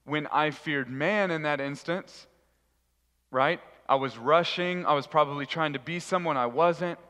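A man giving a sermon, telling a funny story in an animated, humorous way. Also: a little high. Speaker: youth pastor. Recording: reverberant hall.

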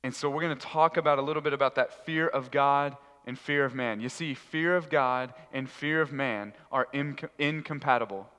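A man giving a sermon, telling a funny story in an animated, humorous way. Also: mid-range voice, normal speed, few pauses. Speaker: youth pastor. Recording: reverberant hall.

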